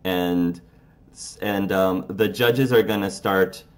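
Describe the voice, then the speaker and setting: Halting low-voiced man running a tabletop game. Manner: relaxed, halting narration with many fillers. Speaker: game master.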